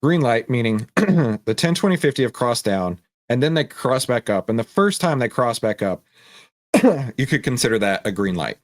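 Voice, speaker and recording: A man's voice: medium pitch, very animated, normal speed, dry recording, clean studio sound. A man hosting a trading show, answering live viewer questions while working through charts in a casual, conversational way, often repeating himself and restarting sentences. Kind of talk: live Q&A with screen-share chart walkthrough.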